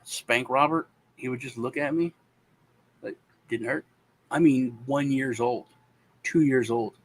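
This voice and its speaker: Husky man, casual co-host, animated storyteller. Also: medium pitch, measured pace. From Texas. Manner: animated, acts out his kids' voices.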